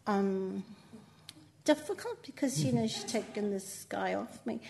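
A woman's voice: medium pitch, big pitch swings, measured pace, creaky, warm tone. An older woman with a Northern Irish accent speaking as a poet guest in an interview. She talks in a chatty way, laughs often and makes self-mocking asides. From Northern Ireland. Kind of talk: conversational interview.

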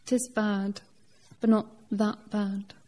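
A woman reciting a poem in the persona of an old male unicorn, a worn-out working man, in a measured reading voice without putting on an accent. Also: medium pitch, little pitch movement, warm tone. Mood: weary, wry. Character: old male unicorn, weary labourer, gruff. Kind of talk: performed poetry reading.

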